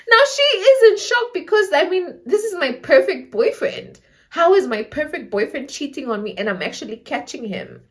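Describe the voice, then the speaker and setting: A young woman with a Namibian accent telling a dramatic story to camera in a casual, animated way, acting out quotes and laughing often. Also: high-pitched, moderate pace. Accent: Namibian English. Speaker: storytelling vlogger.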